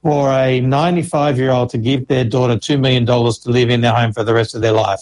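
Aussie guy explaining rules step by step, mid pitch, patient, lots of examples. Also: flat delivery, quick pace, a little mellow, slight background noise, low-quality recording. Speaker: Services Australia financial information officer. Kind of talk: explanatory interview answers.

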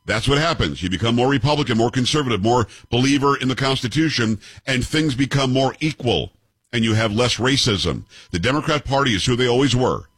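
A man's voice: mid-range voice, lively intonation, fairly quick, fairly bright tone, slightly rough, no echo. A man in his fifties hosting a commentary show, arguing with clips in a combative, sarcastic way and firing off rhetorical questions. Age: 50s.

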